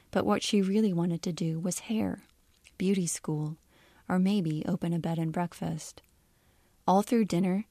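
A woman author reading aloud from her own literary fiction in a measured, even storytelling manner. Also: on the low side, vocal fry, no room sound.

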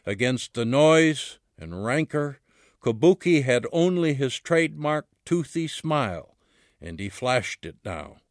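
A man, the author, reading a chapter of his book aloud in a measured way, his voice dropping low on the dialogue tags. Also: sing-song, no echo, clean studio sound.

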